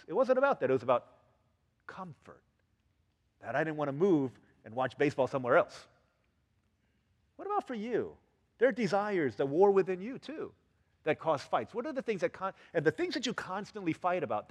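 A man's voice: a little high, normal speed. A man giving a sermon as pastor, telling everyday stories and acting out quoted lines with lots of energy. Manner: animated storytelling with acted-out quotes. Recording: long hall reverb.

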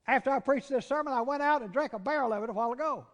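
Southern preacher guy, really high voice, goes quiet then loud, big echoey church. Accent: Southern American. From Southern United States. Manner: swings from hushed, drawn-out words to loud, urgent exclamations. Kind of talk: sermon. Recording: long reverb of a large hall.

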